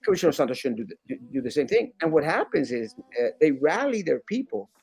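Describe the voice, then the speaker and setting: Talk-show guest, man, a bit higher voice, lively and talkative, husky. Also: fast, no echo. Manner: animated, acts out critics in mocking voices; many restarts and fillers. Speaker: guest, sitting school board member. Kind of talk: casual interview talk.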